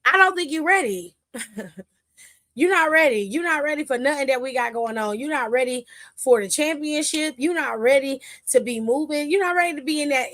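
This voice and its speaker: A woman hosting a wrestling recap, telling it in animated casual chat and acting out the quotes. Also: high voice, dry recording, studio quality.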